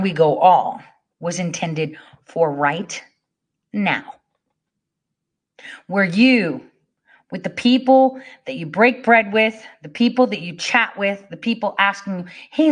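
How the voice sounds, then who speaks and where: A woman's voice: medium pitch, a bit bright. A woman giving a fired-up, profane monologue, rallying her listeners and telling stories with emphatic swings in her delivery. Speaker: political speaker. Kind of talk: impassioned monologue.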